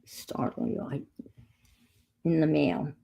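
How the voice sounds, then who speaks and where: A woman's voice: deep voice, slow, vocal fry, warm tone, a little hiss or hum. A middle-aged woman chatting casually as she crafts on a stream, telling rambling stories. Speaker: crafting vlogger.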